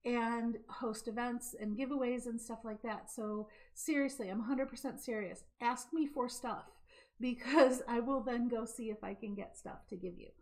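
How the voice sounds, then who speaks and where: A woman hosts a casual live craft show from home, talking straight into her camera with a slightly high voice. She chats, laughs easily and speeds up when she gets excited, then slows down to demonstrate a knitting stitch. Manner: chatty, laughing, hyper and fast when excited. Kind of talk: casual live-stream chat and knitting demo. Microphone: camera mic.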